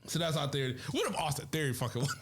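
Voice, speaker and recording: Man, high-pitched voice, podcast co-host, casual wrestling chat, playful, teasing, slangy, repeats himself. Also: sing-song, racing, background noise.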